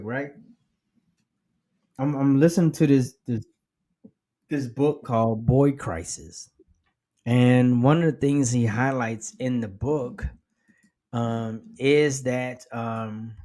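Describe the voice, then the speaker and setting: A man hosting a podcast, who talks slowly and haltingly, repeating words as he works through his thoughts. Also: medium pitch, darkish tone. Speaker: podcast host. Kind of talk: casual podcast conversation.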